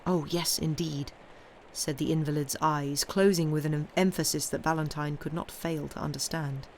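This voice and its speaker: A woman reading a classic novel aloud on a live stream, with measured, steady narration. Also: low voice, slight background noise. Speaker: reader.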